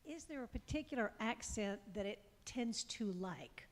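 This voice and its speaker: A woman's voice: a little high, animated, moderate pace. Southern woman asking from the audience. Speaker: audience member asking a question. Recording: distant voice in a reverberant hall.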